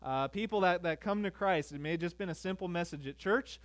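A man's voice: high-pitched, fairly quick. A middle-aged man preaching a sermon as pastor, conversational and full of fillers, quizzing his congregation.

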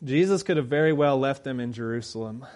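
A middle-aged man preaching a sermon, swinging between loud urgent emphasis and low, quiet storytelling. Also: a little fast.

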